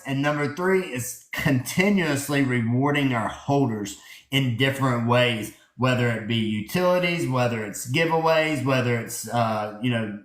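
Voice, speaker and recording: A man's voice: mid-range voice, echoey room. A man with a Southern US accent hosting a crypto project's live audio space, talking earnestly into his phone with lots of fillers and restarts. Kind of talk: casual live-stream talk. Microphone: phone in a holder.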